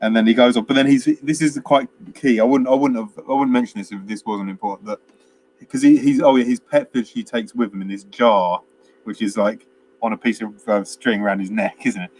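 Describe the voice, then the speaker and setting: A man's voice: medium pitch, steady tone, brisk, a little mellow, a little hiss or hum. A man, chatting casually as a podcast co-host and retelling film scenes at length with many fillers. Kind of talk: casual film review chat.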